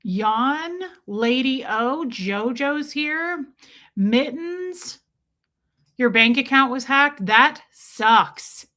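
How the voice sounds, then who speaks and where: A chatty woman hosts a casual livestream, greeting viewers by name in a bright, sharp-toned voice that sits a little high. Her talk is playful and rambling, full of quick asides to the people watching. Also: lively intonation. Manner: chatty, playful, reads viewer names aloud. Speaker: livestream host. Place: countryside home.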